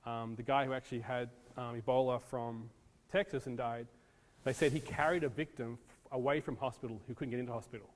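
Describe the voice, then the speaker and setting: A man from the United States lectures a room, chatty and loose, dropping plenty of ums between points. His voice sits at an ordinary pitch. The sound carries a long reverb from a large hall. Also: fairly even intonation, a little fast. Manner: casual, talks to audience, many ums. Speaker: disaster preparedness presenter. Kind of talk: classroom lecture.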